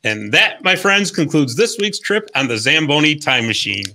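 A male podcast host telling a hockey history story with upbeat, jokey energy. His voice sits a bit high and bright, rising and falling a lot as he reads. It sounds like a casual scripted segment among friends. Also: big pitch swings, moderate pace.

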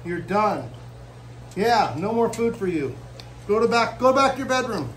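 Excitable high-voiced man feeding gators. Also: unhurried, distant mic, a little hiss or hum, poor audio. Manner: excitable, lots of whoas, coaxing animals. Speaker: reptile zoo keeper. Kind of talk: casual vlog narration while feeding animals. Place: reptile zoo after hours.

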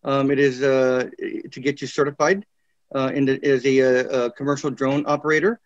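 A man presenting courses in a webinar, reading descriptions with frequent fillers and pauses. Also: mid-range voice, flat delivery, dry recording. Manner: halting, many fillers, reads course descriptions. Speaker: university program presenter. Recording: dull, dry lo-fi webinar audio.

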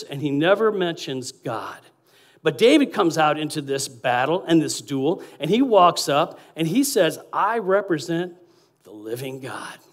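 A man preaching as a guest pastor, lively, acting out quotes and swinging between loud and quiet passages. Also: on the high side. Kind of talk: sermon.

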